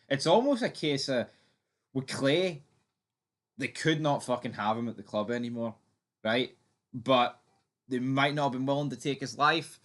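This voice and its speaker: A man's voice: mid-range voice, fairly bright tone. A man hosting a fan theory channel, giving his opinion in a chatty, emphatic way with some swearing. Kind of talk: casual opinion commentary.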